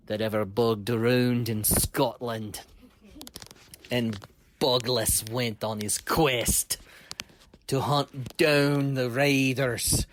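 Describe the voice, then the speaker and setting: A man's voice: medium pitch, no echo. A man telling a children's story in a playful manner, often laughing as he goes.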